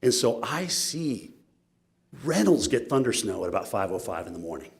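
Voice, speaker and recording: Animated male speaker telling anecdotes. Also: on the low side, normal speed, creaky. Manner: animated, self-mocking anecdotes. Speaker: TV meteorologist giving a talk. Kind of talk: storytelling keynote talk.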